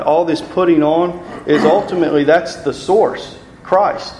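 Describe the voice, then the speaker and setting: A man's voice: on the high side, steady tone, darkish tone. Earnest man teaching in an echoey room. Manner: earnest, repeats key phrases, slows on scripture. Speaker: Bible study teacher. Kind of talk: teaching a Bible study. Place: room with a group, reading from a computer. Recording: echoey room, faint ambient noise.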